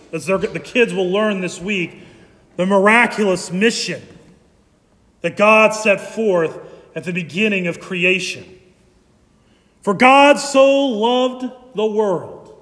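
Male pastor, very high voice, slow deliberate sermon, long hall reverb. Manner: animated preaching, slow and emphatic.

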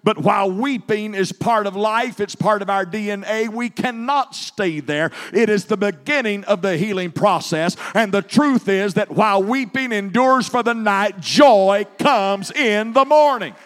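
A high-voiced man preaching from the pulpit, his words ringing with a long echo through a big hall. He starts low and measured, then rises to fervent, loud preaching. It sounds like a church sanctuary. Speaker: pastor. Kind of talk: sermon. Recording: long reverb of a large hall.

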